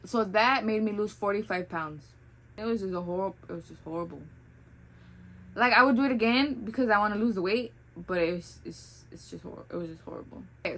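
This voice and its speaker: A young woman talks at an ordinary, middle pitch. She chats casually and bluntly, swearing freely and slipping into Spanish phrases. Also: fairly bright tone, poor audio. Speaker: vlogger telling her own birth story. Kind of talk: casual storytime chat.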